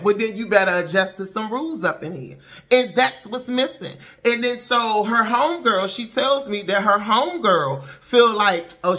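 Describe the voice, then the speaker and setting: A woman's voice: medium pitch, sharp tone. Woman vlogger, outspoken and preachy, casual street-smart talk, lots of rhetorical questions. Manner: preachy, rhetorical and blunt, with slangy asides. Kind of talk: impassioned casual commentary monologue.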